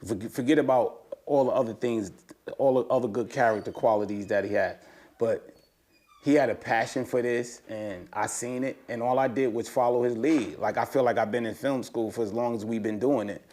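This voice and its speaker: A man, an interview guest, talking in casual conversation, animated and slangy, his voice jumping high when he gets excited. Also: normal speed. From United States.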